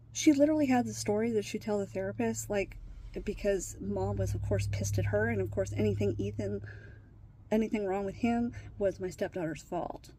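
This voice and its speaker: A deeply upset woman speaking bluntly as she tells a personal story to her camera, swearing freely and often sinking to a whisper. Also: warm tone. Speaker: vlogger sharing her life with trauma.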